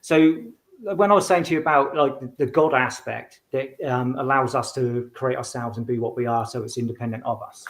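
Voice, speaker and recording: Talking fairly quickly at a medium pitch, this guest, a medium and author, rambles through a casual interview conversation, often restarting and using fillers.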